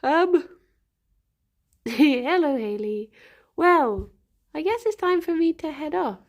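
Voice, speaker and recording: A woman chatting casually on a live stream, halting with fillers and breaking off to baby-talk to her pet. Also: high-pitched, very animated.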